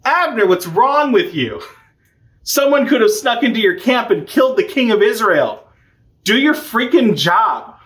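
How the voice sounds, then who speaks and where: A man voicing a young male hero-king, speaking in a slow, drawn-out, emphatic way with a raised pitch. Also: big pitch swings, fairly bright tone, exaggerated voice. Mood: scolding.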